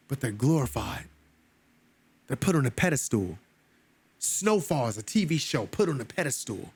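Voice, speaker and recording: A man's voice: big pitch swings, moderate pace, slightly rough, no echo. A man leading a Bible study, reading scripture and commenting on it in an emphatic, preacherly way, with casual asides to his listeners. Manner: emphatic, preacherly, pitch climbing on stressed words.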